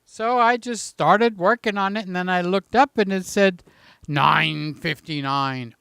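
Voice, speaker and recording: A man's voice: sits high, measured pace, creaky, sharp tone, clean tone, dry recording. A man hosting a casual live stream from home, talking in a chatty, jokey way and reading out the chat, a little out of breath, holding a handheld mic. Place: room in his house.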